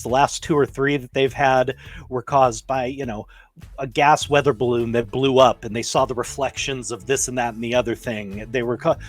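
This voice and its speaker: A man co-hosting a casual news chat, sardonic and skeptical in his remarks. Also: mid-range voice. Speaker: co-host.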